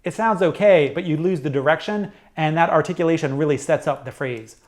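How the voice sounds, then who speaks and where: A middle-aged man teaching a saxophone lesson, explaining jazz articulation step by step in a clear, methodical way. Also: fairly high pitch, brisk, over loud music. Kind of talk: instructional music lesson.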